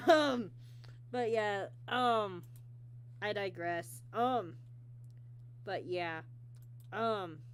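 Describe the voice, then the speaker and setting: A woman hosting a casual online interview, talking haltingly with many ums and restarts. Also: mid-range voice, clean tone. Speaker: interview host.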